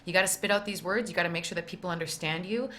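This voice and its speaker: A young woman guest on a talk show, chatting in a bright, forceful voice that sits a little low for a woman. She is lively and playful and laughs easily, with faint room noise behind her. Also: rapid-fire. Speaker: actor guest. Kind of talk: casual interview chat.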